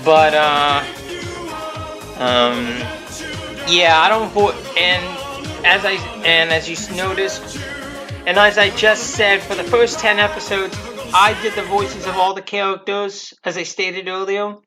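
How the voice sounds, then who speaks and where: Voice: mid-range voice, over music. A fan-series creator giving a casual, rambling episode commentary, often stopping and restarting thoughts. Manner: rambling, halting.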